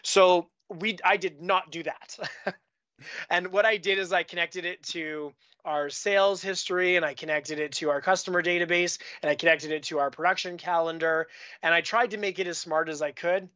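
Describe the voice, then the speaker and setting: A man's voice: high voice, fairly even intonation, moderate pace, bright, forceful tone, highs cut off. A man from Canada, a guest on a podcast, talking casually about his work and telling stories with lots of restarts and fillers. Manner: rambling, with frequent restarts and fillers. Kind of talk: casual conversational storytelling.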